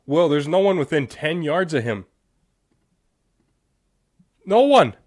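A young man hosting a casual sports talk show, animated and exasperated, often laughing. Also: fairly high pitch, moderate pace. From Wisconsin. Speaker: sports podcast host.

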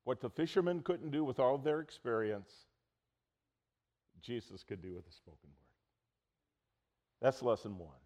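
A man's voice: mid-range voice, measured pace, long pauses. Storytelling man preaching a sermon. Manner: storytelling, animated, acts out quotes loudly. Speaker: pastor.

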